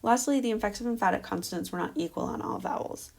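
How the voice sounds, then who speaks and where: A woman presenting her dissertation defense in a measured, explanatory academic style, walking through results on slides with an occasional um. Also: medium pitch, vocal fry, darkish tone.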